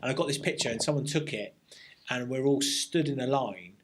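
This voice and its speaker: Army veteran, reflective storyteller. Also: male voice, medium pitch, slight background noise. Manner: reflective, army slang, halting restarts. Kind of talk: casual interview storytelling.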